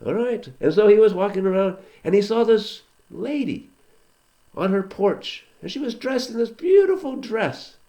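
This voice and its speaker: A man's voice: sits high, lively intonation, normal speed, mellow. A man, a teacher, telling a story aloud to a children's class, conversational with asides to listeners.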